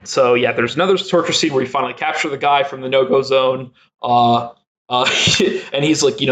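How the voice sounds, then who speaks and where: A man's voice: medium pitch, steady tone, moderate pace, muffled recording. A young man chatting as a podcast guest, rambling and laughing a lot with many fillers. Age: young adult. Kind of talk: casual chat.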